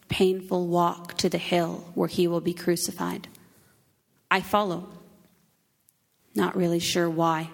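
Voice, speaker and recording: A woman telling an Easter story as a first-person onlooker, in a slow, solemn and emotive monologue. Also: on the low side, creaky. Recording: long reverb of a church hall.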